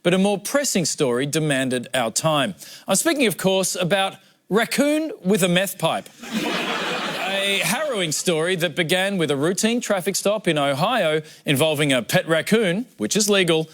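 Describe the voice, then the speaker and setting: A man's voice: high voice, expressive, moderate pace, a bit bright. A man with an Australian accent hosting a satirical news comedy show, delivering jokes in a dry, mock-serious way. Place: TV studio with audience.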